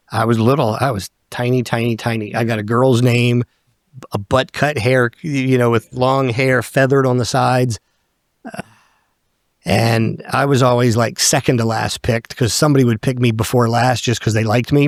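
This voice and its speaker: A man's voice: medium pitch, no room sound. A middle-aged man from Northern Virginia recounts his past in a loose, conversational way. He slips into little impressions of the people he quotes and swears without fuss. His voice sits mid-range and sounds close and dry. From Northern Virginia, USA. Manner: animated storyteller who acts out quoted people, swears casually. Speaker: podcast guest. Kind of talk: casual storytelling conversation.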